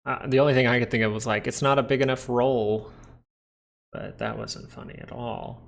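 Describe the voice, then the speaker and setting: A man's voice: mid-range voice, fairly even intonation, normal speed, creaky. A man hosting a live stock market stream, chatting casually and joking with viewers between comments on the charts.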